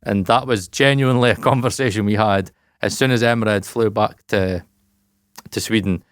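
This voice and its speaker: Low-voiced guy rambling on a podcast, dry close mic. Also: steady tone, moderate pace, smooth, no room sound. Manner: loose, rambling, swears and laughs a lot. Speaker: podcast co-host. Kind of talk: casual podcast chat.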